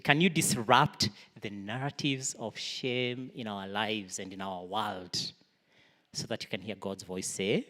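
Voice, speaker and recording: Low-voiced male preacher in a reverberant hall. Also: expressive, a little slow. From Kenya. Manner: earnest, swings between raised emphasis and soft near-whispers. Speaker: pastor. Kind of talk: sermon. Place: church hall. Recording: long reverb of a large hall.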